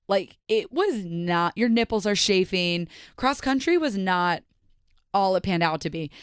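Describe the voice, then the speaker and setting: A woman's voice: on the low side, clear, resonant tone, no room sound, clean studio sound. A young woman from New Jersey, hosting a casual solo podcast and chatting animatedly, with lots of "like" asides. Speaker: podcast host.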